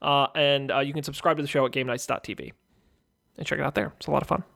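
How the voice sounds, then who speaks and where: A man's voice: medium pitch, fairly even intonation, fast, gravelly, fairly bright tone. A man co-hosting a podcast in casual chat, easygoing and jokey as he plugs the show. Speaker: podcast co-host.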